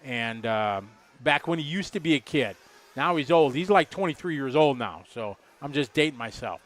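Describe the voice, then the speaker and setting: A man in his fifties doing relaxed, rambling live race commentary, chatty and jokey. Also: medium pitch, moderate pace. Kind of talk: casual live commentary chat.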